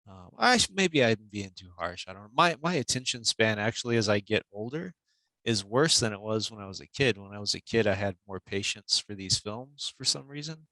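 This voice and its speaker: A man's voice: lowish voice, animated, brisk, bright, forceful tone, no room sound, rough recording. A man being interviewed as an author, easygoing and chatty, full of "you know"s. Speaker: author guest. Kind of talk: casual interview chat.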